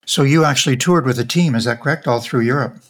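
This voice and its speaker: Joking Canadian man hosting a podcast chat, mid-pitched. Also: quick pace, a bit bright. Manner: teasing, joking. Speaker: podcast host. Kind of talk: casual chat.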